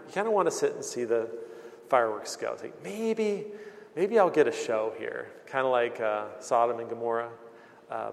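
A man's voice: medium pitch, vocal fry. A man preaching a sermon in an earnest, plain-spoken way, often restarting his phrases. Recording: long hall reverb.

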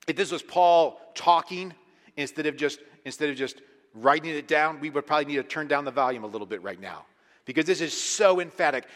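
A man preaching a sermon as pastor, animated and emphatic, dropping to hushed lines and rising to loud ones. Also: on the high side, a little fast. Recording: long hall reverb.

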